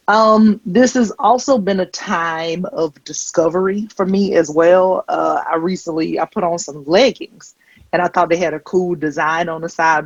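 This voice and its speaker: A woman comedian performing a stand-up set, telling stories with deadpan, wry asides into a handheld stage mic. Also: low-pitched, no echo, highs cut off. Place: comedy stage before a live audience.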